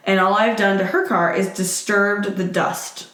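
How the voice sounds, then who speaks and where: A woman's voice: mid-range voice, fairly even intonation, measured pace, a bit bright. A young woman co-hosting a podcast, telling profane, joking stories in casual chat. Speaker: podcast co-host. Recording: echoey room.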